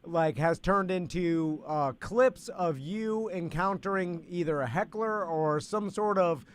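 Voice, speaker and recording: A man hosting a casual talk show, asking long, halting questions full of fillers. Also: high voice, slight background noise. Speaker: podcast host. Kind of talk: casual interview chat.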